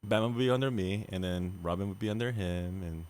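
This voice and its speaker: In a relaxed podcast conversation, this male co-host keeps things playful, with a lively pitch and frequent laughter.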